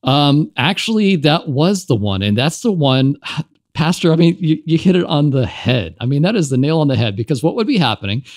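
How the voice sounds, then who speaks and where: A man's voice: a little high, very animated, a little fast, no room sound, studio quality. A man with a Southern US accent, from Kentucky and Texas, talking as a podcast guest in an upbeat, chatty way and laughing easily. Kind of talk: casual podcast interview.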